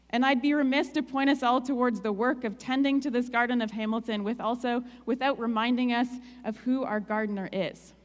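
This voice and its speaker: A woman giving a sermon as a guest speaker, telling a personal story in a candid, emotional, conversational way with a Canadian accent. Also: on the high side. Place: church hall. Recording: long hall reverb.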